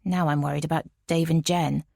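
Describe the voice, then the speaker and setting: A woman narrating a first-person audiobook in a measured, tense way. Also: low voice, steady tone, creaky, warm tone, no echo, clean studio sound.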